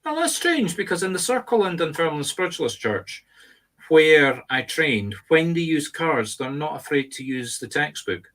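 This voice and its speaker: A man's voice: a little high, very animated, moderate pace, fairly bright tone. A middle-aged man with a Scottish accent, co-hosting a casual chat, talking in an emphatic, instructive teacher's tone. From Scotland. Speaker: medium and co-host.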